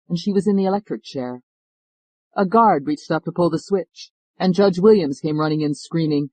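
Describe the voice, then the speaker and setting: A man narrating an audiobook in an even, measured storytelling manner, on a close studio mic. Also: on the high side, no echo, rough recording. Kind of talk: scripted narration.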